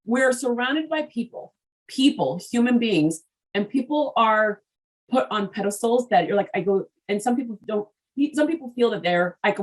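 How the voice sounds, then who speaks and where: A woman's voice: on the high side, expressive, normal speed, poor audio. Chatty, laughing woman host. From Haitian background. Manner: chatty, laughs easily, frank. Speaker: podcast host. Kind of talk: casual interview chat.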